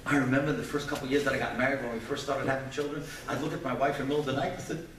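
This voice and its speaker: A man, a rabbi and keynote speaker, giving a lecture with personal stories, animated, then dropping to hushed tones for sad parts. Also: medium pitch, racing. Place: large event hall. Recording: echoey hall from far off, faint noise.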